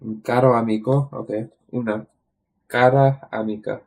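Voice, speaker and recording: A man thinking aloud while studying, hesitant and questioning himself, often trailing off into a quiet mutter. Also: medium pitch, fairly even intonation, moderate pace, creaky. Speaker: streamer studying Italian.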